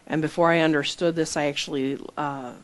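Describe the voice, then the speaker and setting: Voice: medium pitch, steady tone, a little fast. An earnest Bible teacher preaches in a conversational way. The voice reads scripture aloud, then explains it plainly and tells personal stories between the verses. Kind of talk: conversational sermon.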